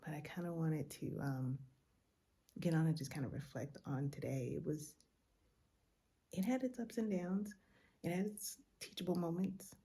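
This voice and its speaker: Woman travel vlogger, low raspy-fried voice, tired late-night chat from a hotel room. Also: normal speed, pauses often. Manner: chatty, animated retelling with quoted exchanges. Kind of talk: casual travel vlog storytelling.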